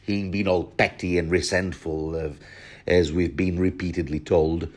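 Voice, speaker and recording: A man's voice: low-pitched, fairly even intonation, unhurried, a little mellow. A man rambling through a casual book commentary, often interrupting himself and laughing. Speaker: podcast host.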